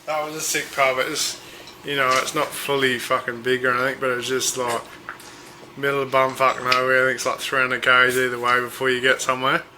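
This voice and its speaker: A laid-back man adds short remarks on a live podcast. His voice is flat and even in pitch, and he sounds distant from the mic. Clear noise runs underneath him. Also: a little fast. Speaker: podcast co-host. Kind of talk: casual chat, live podcast.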